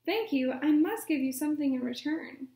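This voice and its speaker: A woman's voice: high voice, animated, moderate pace, creaky, warm tone. A woman voicing a polite, proper princess in a storybook reading, with refined manners. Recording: echoey room.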